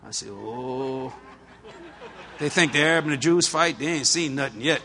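A middle-aged man preaching a storytelling sermon, folksy and animated, laughing at his own stories. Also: fairly high pitch, fast talker, background noise.

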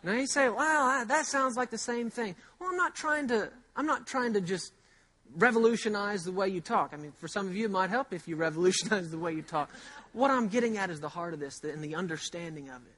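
A male pastor preaching a sermon in a conversational way, asking rhetorical questions and slowly repeating key phrases for emphasis. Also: sits high, a bit bright.

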